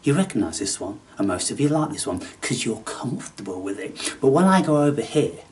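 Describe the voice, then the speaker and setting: A man hosting a spiritual channel, talking in a theatrical, taunting way that swings between loud outbursts and hushed asides. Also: mid-range voice, sing-song, a little fast, far from the mic. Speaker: channel host. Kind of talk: spiritual vlog monologue.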